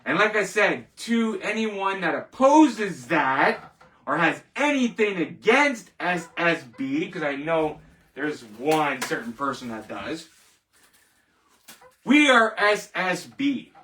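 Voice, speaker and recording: A man's voice: a little high, very animated, takes it slowly, sharp tone, distant mic. A man hosting his own show, giving a boastful, defiant sign-off monologue full of repeated slogans. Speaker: host.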